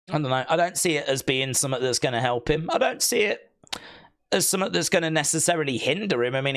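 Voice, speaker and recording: A man's voice: medium pitch, a bit bright. A man hosting a live wrestling watch-along, rambling and hesitant as he answers chat questions. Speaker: live stream host. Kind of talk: casual watch-along commentary.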